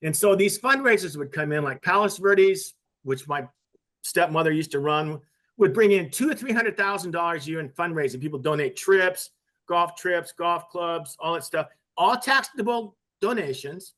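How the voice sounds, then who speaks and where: A man's voice: on the high side, expressive, moderate pace, pushed and bright. A man on a podcast panel, explaining a topic at length through a story in casual discussion.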